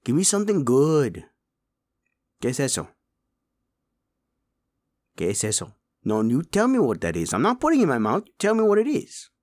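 A man's voice: medium pitch, animated, slow pace, long pauses. A man voicing a small, hungry male chupacabra who is cheeky and boastful, slipping Spanish words into his English. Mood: demanding. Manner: mixes Spanish words into English, whiny and pushy. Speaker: voice performer.

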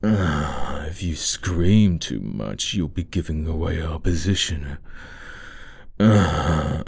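A man's voice: extremely low pitch, creaky, a little mellow, breathy edge. A young adult man performing an adult audio role-play, speaking close to the mic in a teasing, commanding murmur.

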